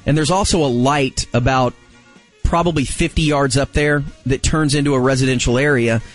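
A man in his forties telling a story in casual chat, acting out the quotes with big jumps in pitch. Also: fairly even intonation, moderate pace, soft background music.

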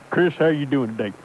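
A man doing a bumbling trucker playing reporter, gruff drawl that swoops way up and down, keeps clearing his throat. The sound is tinny and lo-fi, like it is coming over a phone line, with faint hiss behind it. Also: fairly high pitch, close to an everyday voice. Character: bumbling folksy male truck driver posing as reporter. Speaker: guest character in comedy bit.

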